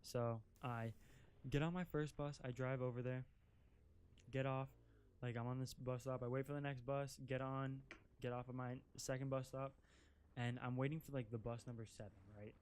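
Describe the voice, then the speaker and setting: A young man spins a loose, profane story for his viewers. His voice sits at an ordinary male pitch. Fillers like "like" and "right?" crowd every sentence. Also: fairly even intonation, moderate pace, a little mellow, clear, resonant tone. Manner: rambling, profane, filler-heavy with constant "like". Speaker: vlogger. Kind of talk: casual storytime. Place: outdoors while driving an off-road vehicle.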